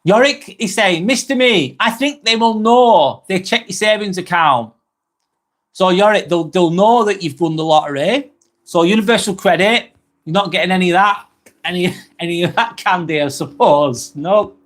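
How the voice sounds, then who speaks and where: Man, slightly high voice, relaxed rambling live chat, reads comments aloud. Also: moderate pace. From England. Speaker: live-stream host. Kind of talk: casual live-stream chat.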